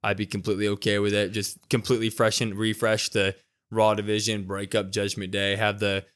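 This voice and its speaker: A young man co-hosting a podcast, recapping a wrestling episode in casual, animated chat. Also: on the low side, fairly quick. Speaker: podcast co-host.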